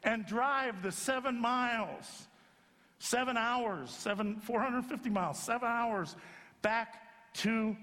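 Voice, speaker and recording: A man pastor giving an animated, comic sermon in a church sanctuary. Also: very high voice, takes it slowly. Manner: animated storyteller, jumps into acted voices. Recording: long sanctuary reverb.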